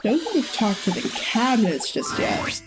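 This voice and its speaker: A woman's voice: fairly high pitch, wildly swooping pitch, moderate pace. Chatty young woman streamer. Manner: chatty, giggly, thinking aloud with many ums. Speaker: let's-play streamer. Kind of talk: casual gameplay commentary. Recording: game music in the background.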